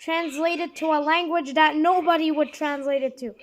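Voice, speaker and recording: High-pitched woman rambling to viewers. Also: fairly even intonation, normal speed. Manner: hesitant, restarts and corrects herself. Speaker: video creator. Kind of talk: rambling casual talk to viewers.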